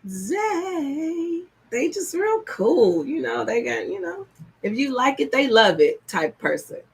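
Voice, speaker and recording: A woman reading tarot cards on a live stream, chatty and excitable, with casual slang. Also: on the high side, measured pace, gravelly, a little hiss or hum. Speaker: tarot reader.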